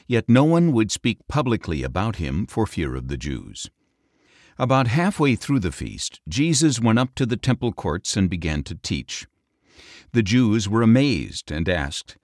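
A man narrating scripture in a steady, solemn reading. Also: on the low side, unhurried, no echo, studio quality. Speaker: scripture reader.

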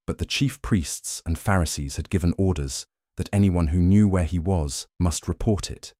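A man narrating scripture in a steady, measured way. His voice is very deep and mellow. It is recorded dry and close, with no room sound. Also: dry recording. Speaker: scripture reader.

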